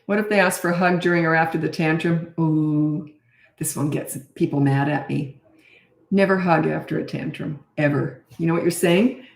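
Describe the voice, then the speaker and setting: A woman's voice: deep voice, steady tone, creaky. Woman, parenting coach, blunt and matter-of-fact, middle-aged, roomy echo. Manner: blunt, no-nonsense, brisk. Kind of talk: casual Q&A advice. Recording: echoey room.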